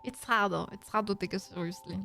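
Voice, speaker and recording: A woman's voice: medium pitch, fairly quick, vocal fry, pushed and bright, faint music behind. A woman from France with a French accent, chatting casually on a live Q&A stream, reading chat and laughing often. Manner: reads chat aloud, laughs often, playful teasing. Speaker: vtuber streamer.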